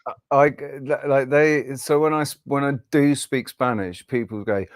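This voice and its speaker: A man's voice: medium pitch, fairly even intonation, moderate pace, smooth, no echo, studio quality. A man co-hosting a casual podcast, playful and teasing, swearing casually. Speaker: podcast co-host. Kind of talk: casual chat.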